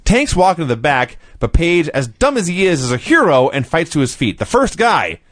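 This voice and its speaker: A man's voice: on the high side, big pitch swings, normal speed, a bit bright, dry recording. Male co-host with a raised, bouncy voice and a sarcastic recap manner; dry, close sound. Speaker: podcast co-host. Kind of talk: casual chat.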